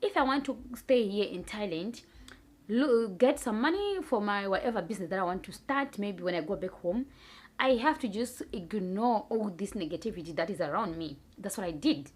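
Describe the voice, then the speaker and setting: Woman vlogger, from Zimbabwe, frank personal storytelling, mid-pitched voice. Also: expressive, normal speed, husky. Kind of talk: casual talk to camera.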